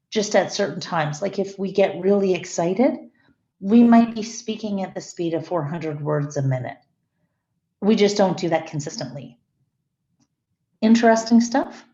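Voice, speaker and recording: A woman teaches a class in a mellow voice, explaining step by step and often pausing to correct her own wording. She is heard in an echoey room, and the sound is slightly dull. Her pitch sits in the middle range. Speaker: lecturer. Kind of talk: classroom lecture.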